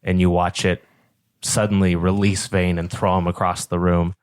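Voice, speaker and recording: A man narrating a tabletop game as game master with slow, descriptive scene-setting. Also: deep voice, flat delivery, smooth, no echo, studio quality.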